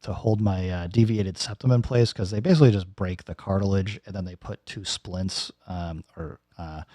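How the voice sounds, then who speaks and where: A man's voice: sits low, fairly even intonation, moderate pace, mellow, no echo. A man in his thirties or forties casually recounting a recent surgery in a vlog, rambling with plenty of fillers and restarts. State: recovering from nose and throat surgery. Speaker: YouTuber giving a personal update.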